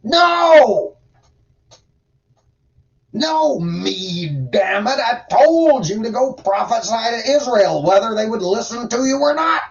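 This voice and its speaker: A man's voice: very high-pitched, lively intonation, takes it slowly, dull audio, voice pushed up, full character voice. A man doing a crude, scolding God. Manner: profane, drawling, condescending. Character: bossy, crude male God, folksy and scolding.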